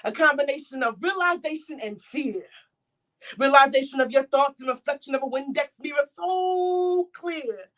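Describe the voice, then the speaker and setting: A woman's voice: high voice, normal speed, a bit bright, poor audio. A woman performing a spoken-word poem in a declamatory delivery. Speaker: poet.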